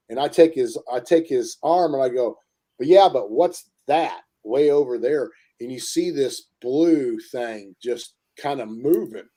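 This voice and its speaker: A man telling a story in a casual interview, halting often with fillers and restarts. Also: mid-range voice, warm tone, husky. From Indiana. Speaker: interview guest.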